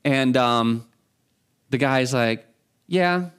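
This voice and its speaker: A man's voice: medium pitch, expressive. Conversational man preaching, full of restarts. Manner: conversational, halting with many restarts. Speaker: pastor. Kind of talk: sermon.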